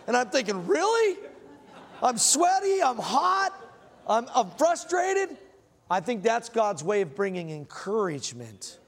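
Preacher guy, kinda high voice, folksy sermon, big echoey church hall. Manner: folksy storytelling, asks the congregation questions. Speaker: pastor. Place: church sanctuary. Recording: long hall reverb.

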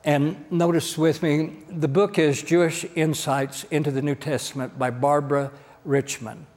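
A man's voice: a little high, fairly even intonation, a little slow, a little mellow. A man preaching a sermon in a church sanctuary, speaking in a folksy, direct way and often checking in with the congregation. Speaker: pastor. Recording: long church-hall reverb.

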